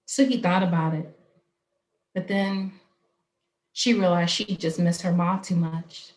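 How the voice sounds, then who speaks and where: A woman from Arizona telling a story at a live online storytelling event, slow, expressive and rhythmic. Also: lowish voice, roomy sound. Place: home, online stream.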